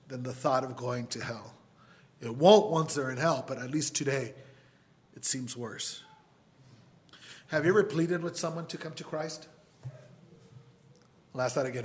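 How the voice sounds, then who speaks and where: A man preaching a sermon as pastor, pleading with his listeners and swinging between loud appeals and quiet asides. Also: mid-range voice, moderate pace, long pauses. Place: church sanctuary.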